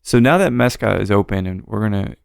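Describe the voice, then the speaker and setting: A man's voice: lowish voice, fairly quick, gravelly, clean tone, no echo, clean studio sound. A man hosting a podcast, chatting casually and encouraging his guest with questions. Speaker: podcast host.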